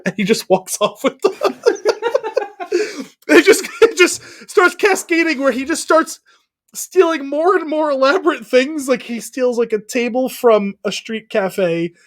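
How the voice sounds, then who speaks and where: A man's voice: very high voice, unhurried. A man co-hosting a podcast, casually retelling a comedy scene, acting out the lines and laughing often. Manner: animated storyteller, acts out lines, laughs often. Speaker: podcast co-host.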